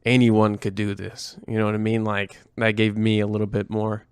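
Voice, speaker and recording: Guy coach talking fight memories, um uh a lot, clear voice, dry close sound. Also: lowish voice, completely flat delivery, normal speed, no echo. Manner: enthusiastic, chatty, many fillers. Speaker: martial arts coach. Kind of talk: casual conversation.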